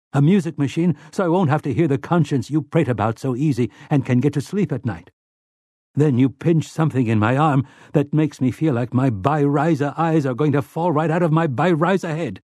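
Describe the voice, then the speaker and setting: Brief: whiny, rough-talking middle-aged turncoat dad, voiced by a male narrator, pitched high, dry room. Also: a little mellow, no echo, close to an everyday voice. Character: weary, whiny middle-aged father turned traitor, rough-spoken.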